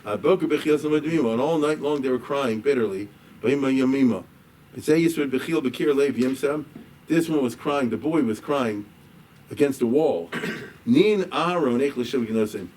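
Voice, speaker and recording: A man teaching as a rabbi reads a liturgical poem aloud line by line, explaining each in a conversational way with asides and "right?" checks. His voice is medium-pitched and darkish, at normal speed, recorded on a distant mic with faint background noise.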